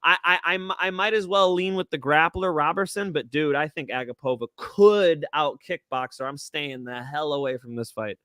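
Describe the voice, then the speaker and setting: Loose-talking man, bright and dry. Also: a little high, dry recording. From Chicago. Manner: loose, swearing, halting restarts. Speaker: co-host. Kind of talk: casual sports betting chat.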